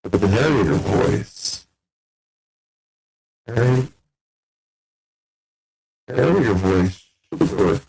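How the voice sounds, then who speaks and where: A male stream host trying out voice changer presets, thinking aloud through a deep narrator filter. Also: lively intonation, extremely slow, gravelly, pauses often, darkish tone, husky, poor audio. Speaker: livestream host. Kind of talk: casual stream chat.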